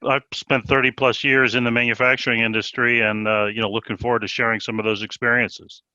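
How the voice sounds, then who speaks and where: A man in his fifties answers questions on a remote panel. He talks loosely, with plenty of fillers. His voice is bright and forceful, and the sound is dry and a bit lo-fi. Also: medium pitch, a little fast, no room sound. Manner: relaxed, with many "you know" and "kind of" fillers. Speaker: panel guest, industry executive. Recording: dull, lo-fi remote audio.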